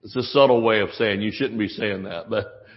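A man's voice: fairly low pitch, steady tone, normal speed. Folksy preacher man, muffled recording. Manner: folksy, joking preacher who acts out quotes. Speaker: pastor. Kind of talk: sermon. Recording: dull lo-fi sermon audio.

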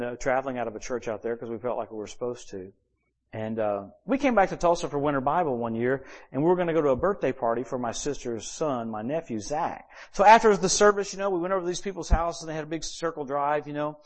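A man preaching in a church service, with a somewhat high speaking voice. He tells personal stories in an animated way, acting out what people said, and his loudness jumps without warning. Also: quick pace. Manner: animated storyteller who acts out quoted dialogue with sudden shifts in loudness. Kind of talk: sermon storytelling.

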